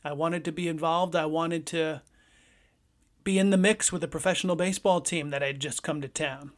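A man hosting a podcast, telling a personal story in a lively, conversational way. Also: fairly high pitch, moderate pace. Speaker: podcast host.

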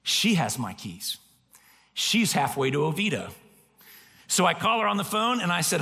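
Gravelly, bright-voiced preacher in a reverberant hall. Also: male voice, high voice, normal speed, long pauses. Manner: animated storytelling with self-mocking humor. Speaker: pastor. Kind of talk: sermon. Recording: long reverb of a large hall.

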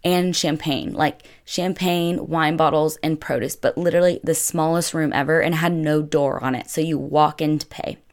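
A young woman with a notably low-pitched voice recounts a travel mishap for her vlog. She talks casually and chattily, leaning on "like" in nearly every sentence. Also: fairly even intonation, normal speed, hardly any pauses. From United States. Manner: chatty, filler-heavy with constant "like". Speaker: vlogger. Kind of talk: casual storytelling.

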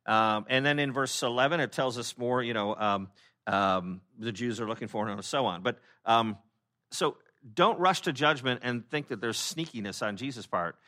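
A pastor preaching a conversational sermon, with many fillers and restarts, who acts out the people he quotes in lively voices. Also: medium pitch, normal speed.

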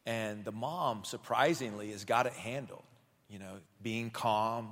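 A male pastor giving a sermon, telling stories in a relaxed, conversational way with many fillers and restarts. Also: lowish voice, a little slow. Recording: long hall reverb.

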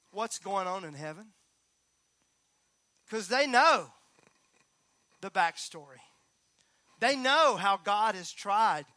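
A middle-aged man preaching a sermon, moving from calm talk to loud, repeated emphatic lines. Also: very high voice, dry recording. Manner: builds from calm to near-shouting emphasis, repeats key phrases. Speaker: pastor.

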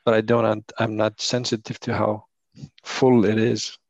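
An Icelandic leadership coach speaks English as a second language with a thick Icelandic accent, reflecting thoughtfully and searching for words in conversation. His voice is fairly low, monotone, and at normal speed. The recording has no room sound and the highs are cut off.

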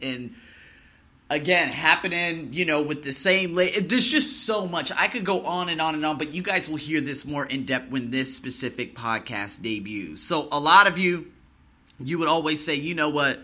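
Casting: male podcast host, very bright, sharp-edged tone, heated profane rant, slightly higher pitch. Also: normal speed. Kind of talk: solo podcast monologue.

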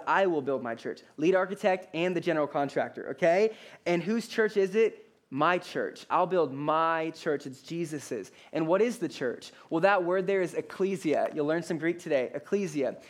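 A man's voice: fairly high pitch, moderate pace. Emphatic man preaching a sermon. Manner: emphatic, repeats key phrases, asks the congregation for responses. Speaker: pastor.

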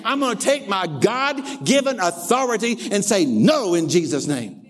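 A male preacher giving a lively sermon, calling out for amens and having the congregation repeat after him. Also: high voice, moderate pace, big-room sound. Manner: energetic, calls for amens and responses.

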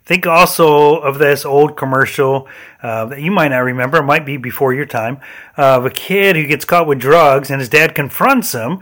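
A man's voice: on the high side, moderate pace, fairly bright tone. A man hosting a faith and leadership podcast, telling personal stories in an earnest way with a few restarts. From Michigan, USA. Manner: earnest storytelling with occasional restarts. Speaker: podcast host.

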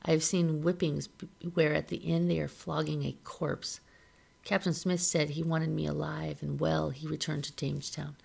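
A woman reads a novel aloud in a steady, measured way. Her voice sits low, with a gravelly fry at the edges of phrases. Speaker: reader of a novel.

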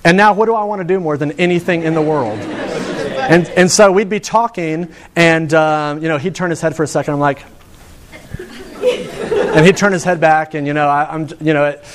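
With crowd noise behind him, a man with a fairly high voice preaches at a moderate pace. His sermon is conversational and story-driven, full of restarts, with points that build through rising emphasis.

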